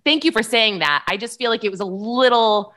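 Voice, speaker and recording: A woman's voice: on the high side, lively intonation, brisk, background noise. A young woman co-hosting a podcast in casual chat, giggly and full of fillers. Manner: chatty, giggly, many fillers. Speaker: podcast co-host.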